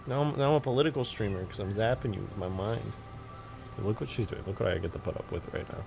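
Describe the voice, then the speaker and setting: A man's voice: fairly low pitch, quick pace, vocal fry, a little hiss or hum. A man chatting casually on a livestream while he works on a game mod, talking to viewers in an easygoing way. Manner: chatty, animated, talks to viewers and his cat. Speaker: streamer.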